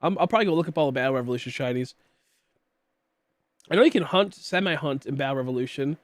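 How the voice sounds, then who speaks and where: A man's voice: medium pitch, fast, no echo. A young man streaming and chatting casually with viewers, rambling with many fillers and coughing often from a tickly throat. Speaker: livestreamer.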